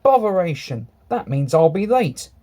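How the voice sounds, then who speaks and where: A boastful, impatient engine, as a man reads him, high and animated. He blusters and hurries his words, full of self-importance in this storybook tale. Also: moderate pace. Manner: blustery, flustered.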